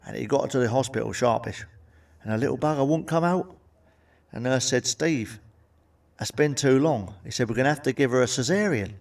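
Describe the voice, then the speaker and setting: A middle-aged man doing a crude stand-up comedy routine, swearing freely and landing deadpan punchlines. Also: mid-range voice, a little fast, gravelly, distant mic.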